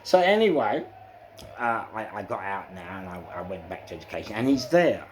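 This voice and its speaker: Animated London man with a low voice. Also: a little fast, a little hiss or hum. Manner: acts out quoted exchanges, frequent "you know" fillers. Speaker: interviewee recounting prison life. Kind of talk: animated storytelling.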